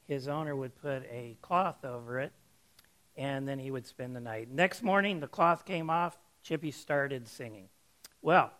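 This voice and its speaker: A man preaching, telling a folksy, animated story to make a sermon point. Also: on the high side.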